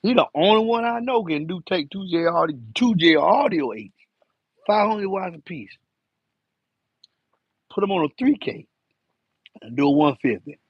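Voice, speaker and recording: A man's voice: high-pitched, sing-song, moderate pace, long pauses, slightly rough, dry recording, dull audio. A man around fifty, chatting loosely on a live stream and rambling in slang. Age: 50s. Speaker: live-stream host, enclosure builder. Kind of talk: casual live-stream chat.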